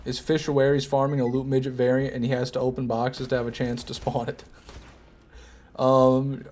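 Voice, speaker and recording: A man streams a video game, his mid-range, darkish voice keeping a normal pace with little pitch movement. He chats casually with viewers, answers chat, and jokes, often at his own expense.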